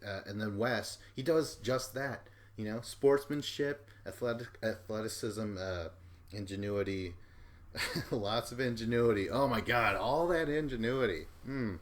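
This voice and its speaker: A man's voice: on the low side, a little slow. A man hosting a podcast, rambling casually through a recap and swearing offhandedly. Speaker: podcast host.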